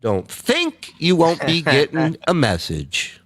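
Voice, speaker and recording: A man hosting a casual livestream, reading out viewer messages in a loose, profane way and breaking into loud, high impressions. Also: huge pitch swings, takes it slowly, no echo. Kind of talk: casual chat.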